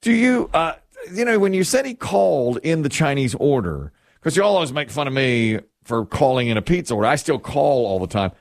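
A man co-hosting a casual chat, animated and laughing, with drawn-out interjections. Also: mid-range voice, gravelly, dry recording, studio quality.

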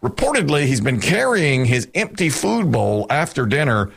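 A man in his fifties, a show host telling stories in casual banter, animated and quick to laugh. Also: mid-range voice, creaky, husky. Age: 50s. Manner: animated storytelling, bursts of laughter.

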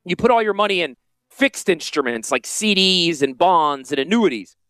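A man with a Northern US Yankee accent, a financial advisor hosting a casual promotional podcast with salesy, jokey asides and a high-pitched voice. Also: expressive, normal speed, a bit bright, clear, resonant tone, no room sound. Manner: self-described high-pitched voice. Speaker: financial advisor and radio host.

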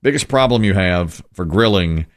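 Low-pitched male host, easygoing banter. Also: animated, moderate pace. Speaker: radio show host. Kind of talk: casual chat.

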